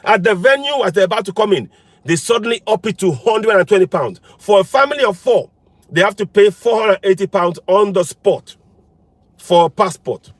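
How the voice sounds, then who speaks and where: A man's voice: high voice, expressive, moderate pace, dry recording. A man giving an impassioned political monologue as a commentator, firing repeated rhetorical questions in an insistent, emphatic way. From Nigeria.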